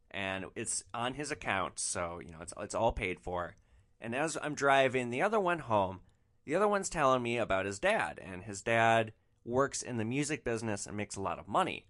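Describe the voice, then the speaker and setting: Animated, bright-voiced man telling stories. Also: mid-range voice, moderate pace. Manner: animated, profane, exasperated. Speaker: podcast host, rideshare driver. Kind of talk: comic storytelling.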